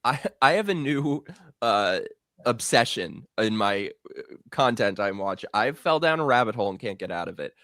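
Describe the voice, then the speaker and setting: A man's voice: on the low side, lively intonation, moderate pace, fairly bright tone, no echo, studio quality. A man hosting a live talk stream, chatting casually in a blunt, emphatic way and swearing freely.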